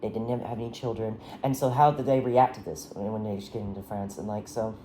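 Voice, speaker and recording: A woman's voice: very deep voice, fairly even intonation, fairly quick, dark tone, a little hiss or hum. A woman casually retelling the plot of a historical drama, rambling with many restarts and fillers. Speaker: storyteller recapping a historical drama. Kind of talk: casual chat.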